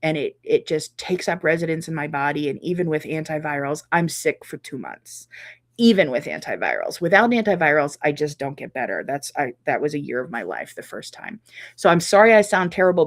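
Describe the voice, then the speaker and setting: A middle-aged woman hosting a casual live chat, reading viewer comments and reacting warmly and chattily. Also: low-pitched, sing-song, brisk. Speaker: quilting channel host.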